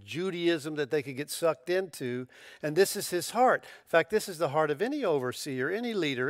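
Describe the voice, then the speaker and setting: A man preaching a sermon in an easygoing, conversational manner, his voice sitting a little high for a man. He restarts phrases and throws in casual slang, then lifts into bursts of emphatic excitement. The sound is close and dry. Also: no room sound. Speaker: pastor.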